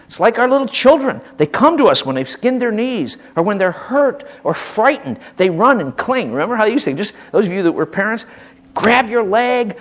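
An older man from the Midwest, preaching a sermon in an impassioned, emphatic way, swinging from hushed asides to loud declarations. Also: high-pitched, very animated, moderate pace. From American Midwest.

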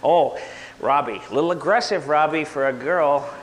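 A man giving an animated lecture to a live audience, asking them questions and getting worked up. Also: a little high, moderate pace, in a large hall. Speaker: speaker at a live talk.

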